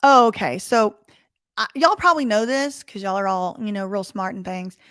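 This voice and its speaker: A woman's voice: mid-range voice, moderate pace, a bit bright, clean tone, dry recording, studio quality. Sassy woman reading court papers. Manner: sassy, conversational, explains legal terms, self-corrects. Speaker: commentary channel host. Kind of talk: casual legal commentary, reading court documents aloud.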